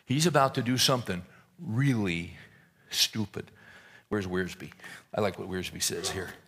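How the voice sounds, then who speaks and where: This is a preacher man with a low, gravelly voice that pushes forward with force. He tells the old story in a folksy, joking way, stumbling and repeating words as he starts his thoughts again. The grain of his voice is husky. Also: unhurried, a bit bright. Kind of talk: sermon.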